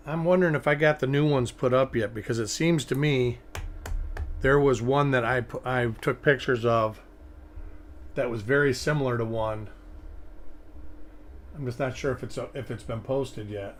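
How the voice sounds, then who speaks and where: A man's voice: mid-range voice, normal speed, long pauses. A man hosting a live coin-hunting stream, chatting casually and rambling as he thinks aloud at his desk. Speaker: coin hunting livestream host.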